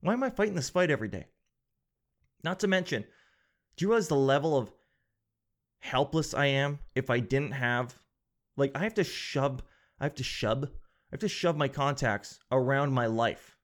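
A man's voice: mid-range voice, normal speed. A man hosting a casual comedic monologue, rambling and sarcastic, swearing freely.

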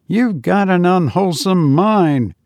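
A man reading a story aloud, voicing a fussy, comfort-loving gentleman who grumbles wryly. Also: sits high, expressive, takes it slowly, dry recording, pitched above the performer's own voice, heavily acted. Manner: grumbling, wry. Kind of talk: audiobook character voice.

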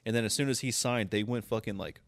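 A man's voice: fairly low pitch, fast talker, no room sound, clean studio sound. A young man co-hosting a casual sports podcast, swearing freely, laughing often and breaking into incredulous rants. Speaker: podcast co-host.

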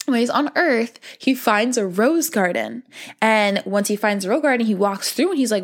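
A woman's voice: on the high side, expressive, normal speed. Earnest young woman podcast host. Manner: gentle, earnest, fills talk with "like", calls listeners "baby". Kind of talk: casual heartfelt monologue.

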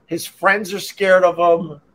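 Storytelling radio host. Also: male voice, sits high, slow pace. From Long Island, New York. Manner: rambling, animated, acts out voices in quotes. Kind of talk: casual storytelling podcast.

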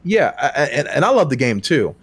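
A man co-hosting a podcast, talking casually about video games. He is animated and laughs a lot, and his voice jumps high and loud when he quotes his own reactions. His pitch sits in a middle range. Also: a little fast, breathy edge. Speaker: podcast co-host. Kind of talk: casual game talk.

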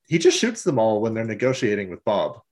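Man for podcast co-host, expressive pitch, animated and loose. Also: a little fast. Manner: animated, laughs often, swears casually. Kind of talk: casual chat.

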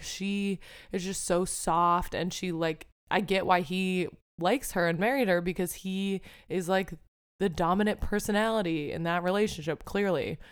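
A young woman talks through a casual solo podcast in a lowish, smooth voice. She rambles candidly, pokes fun at herself and swears freely. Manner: candid, rambling and self-deprecating, with frequent swearing. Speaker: podcast host.

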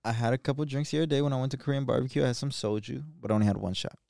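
Man in his twenties, podcast co-host, smooth voice, laid-back, joking, dry close mic. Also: mid-range voice, rapid-fire, a little mellow, no room sound. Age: 20s. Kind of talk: casual chat.

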